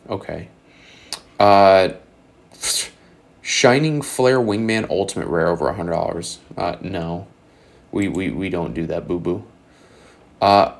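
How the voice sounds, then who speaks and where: Blunt, sarcastic low-voiced man. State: losing his voice. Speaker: channel host. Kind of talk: casual market commentary.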